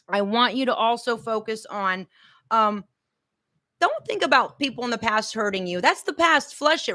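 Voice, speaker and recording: A middle-aged woman life coach giving an energetic motivational master class, emphatic and full of repeated mantras. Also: fairly high pitch.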